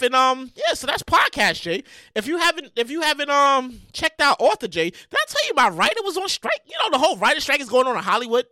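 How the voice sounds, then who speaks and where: A male podcast host rants through his comedic commentary, loud and restless. His voice is high and bright, swinging widely in pitch and breaking into shouts. The mic sounds close and dry. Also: fairly quick, no echo. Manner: loud, animated, repetitive, swears freely, bursts into shouting.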